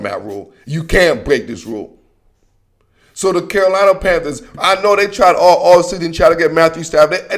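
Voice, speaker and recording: A man hosting a casual football opinion monologue, animated and slangy, repeating himself and talking straight at the people he criticizes. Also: on the high side. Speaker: sports commentary host.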